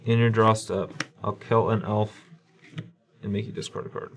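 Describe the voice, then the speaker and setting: A man's voice: lowish voice, level tone, normal speed. A man playing a card game, giving dry, terse answers to his opponent. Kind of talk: casual table talk during a match.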